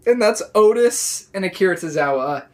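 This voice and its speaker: A man recapping a wrestling show in a casual, excitable, rambling way, full of "like" and restarts. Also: high-pitched, normal speed. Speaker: wrestling reaction vlogger.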